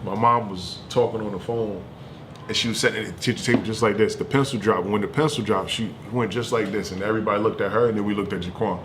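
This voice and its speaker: A man streaming from home, telling a family story in a loose, animated and profane way. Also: fairly low pitch, quick pace, background noise. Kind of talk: casual storytelling.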